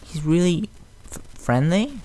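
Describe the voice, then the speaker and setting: A man's voice: a little high, lively intonation, slow pace, darkish tone, slight background noise, pitched above the performer's own voice. Man voicing a giggly little filly. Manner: stammering and giggly. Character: small sweet giggly young filly.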